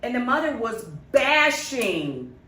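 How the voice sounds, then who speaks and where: A woman's voice: a little high, sing-song, slow, pushed and bright. Storytelling woman in a roomy room. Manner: storytelling, acting out quoted lines, many restarts. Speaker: podcast co-host. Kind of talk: casual chat. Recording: roomy, distant mic, faint noise.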